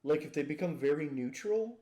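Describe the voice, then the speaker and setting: A man co-hosting a casual comedy chat, joking and acting out voices with deadpan punchlines. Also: on the high side, brisk. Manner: jokey, acts out silly voices, deadpan punchlines. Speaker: podcast co-host.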